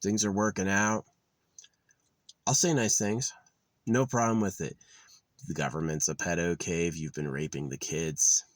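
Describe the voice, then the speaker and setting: A man's voice: low voice, moderate pace, no room sound. A man in an outdoor vlog delivering an angry, profane, sarcastic rant full of contempt. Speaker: vlogger. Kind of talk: angry ranting monologue.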